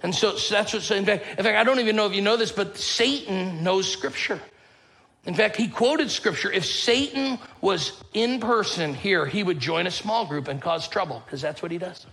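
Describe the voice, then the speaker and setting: A man preaches from the pulpit in a relaxed, chatty way, with quips and little stories. His voice sits a bit higher than most men's. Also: moderate pace, gravelly, rough recording. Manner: conversational, joking storyteller with a casual drawl. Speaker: pastor. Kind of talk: sermon.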